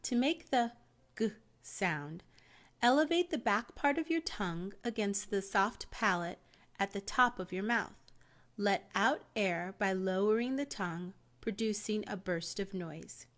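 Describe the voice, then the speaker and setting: A woman with an American accent reads a teaching guide aloud, one step at a time. Her delivery is calm and measured, like scripted instructional narration. Her pitch sits in an ordinary middle range.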